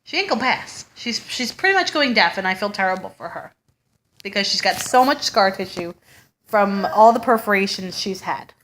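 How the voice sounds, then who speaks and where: Chatty bright-voiced mother vlogging. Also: mid-range voice, expressive, moderate pace, slight background noise. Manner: chatty, storytelling, laughs often. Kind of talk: casual chat.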